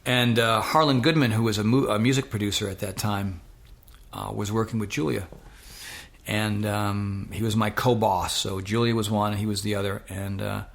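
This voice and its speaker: A middle-aged man telling lively stories as an interview guest, acting out the voices of people he quotes. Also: lowish voice, normal speed, creaky. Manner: animated anecdote-telling, acts out quoted voices. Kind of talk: casual storytelling.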